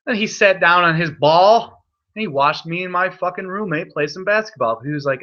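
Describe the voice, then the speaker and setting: A man's voice: high-pitched, moderate pace, sharp tone, highs cut off. A young man hosting an online hangout, telling a rambling, profane story full of restarts. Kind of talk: rambling casual chat.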